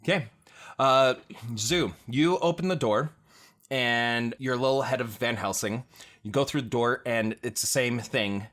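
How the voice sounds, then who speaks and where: GM, man, mid-pitched, plain, unhurried narration. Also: a bit bright. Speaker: game master. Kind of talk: narrating a tabletop game.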